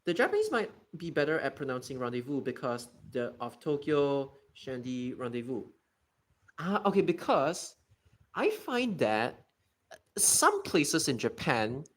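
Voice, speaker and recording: A man's voice: mid-range voice, fairly bright tone. A man from Singapore streaming a geography game, chatting casually and ranting about how people pronounce words. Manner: ranting, exasperated about pronunciation. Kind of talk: casual gaming commentary, reading chat.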